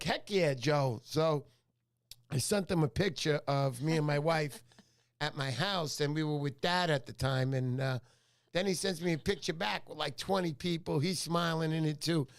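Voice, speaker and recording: A man's voice: a little high, moderate pace, clear, resonant tone. A middle-aged man hosting a casual fishing livestream, chatty and joking as he greets viewers by name. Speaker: fishing show host. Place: home livestream.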